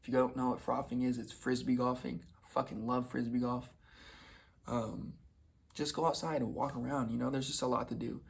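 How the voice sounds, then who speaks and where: A man's voice: mid-range voice, flat delivery, fairly quick, vocal fry, breathy edge. A young man in his twenties telling a personal story in a loose, casual way, full of slang and swearing. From United States. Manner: casual and profane, with slang and restarts. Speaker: vlogger.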